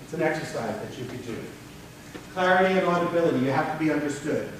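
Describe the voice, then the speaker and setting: A workshop presenter gives a conference breakout talk before an audience in a conference room, speaking in a conversational, animated way and demonstrating tones with his voice. His voice is fairly high and fast. The recording is very echoey and distant, with a little hiss or hum.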